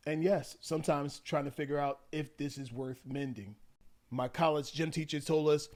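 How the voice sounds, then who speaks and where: A man's voice: fairly high pitch, moderate pace. A man giving relationship advice to viewers, retelling a story animatedly and acting out the quotes. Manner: animated, acts out quotes, addresses viewers as y'all. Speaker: relationship coach. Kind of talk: commentary vlog.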